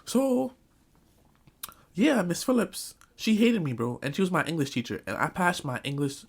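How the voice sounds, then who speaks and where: A young man from New York telling comic stories from his school days in an animated, slangy way, often breaking into laughter. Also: high-pitched, moderate pace, gravelly, slightly rough. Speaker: vlogger. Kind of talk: comedic storytelling.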